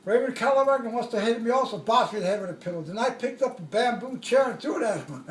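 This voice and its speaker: An older man telling a war story in a casual, rambling way, chuckling and acting out shouted quotes. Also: very high-pitched, lively intonation, fast talker, distant mic, slight background noise. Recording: echoey room, voice away from the mic.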